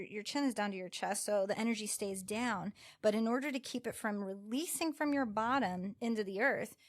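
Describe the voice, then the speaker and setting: A woman's voice: mid-range voice, dry recording, clean studio sound. A woman yoga instructor guesting on a podcast, explaining in a casual chatty way with many "like" and "you know" fillers. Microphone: podcast microphone.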